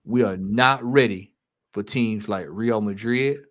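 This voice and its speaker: A man's voice: lowish voice, slow pace, fairly bright tone. Earnest man driving home football points. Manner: earnest, emphatic, repeating himself to drive points home. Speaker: fan show panelist. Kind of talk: casual football chat.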